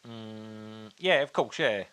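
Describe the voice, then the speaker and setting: A man's voice: fairly low pitch, takes it slowly, bright, forceful tone, clear, resonant tone. Laid-back man with dry banter. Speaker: podcast co-host. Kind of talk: casual chat over beers.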